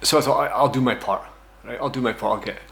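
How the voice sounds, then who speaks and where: He talks fast, with medium pitch, vocal fry and a fairly bright tone, a Scottish man in his thirties sharing a personal story on his vlog. He meanders, curses, pokes fun at himself and keeps ending lines with "right?"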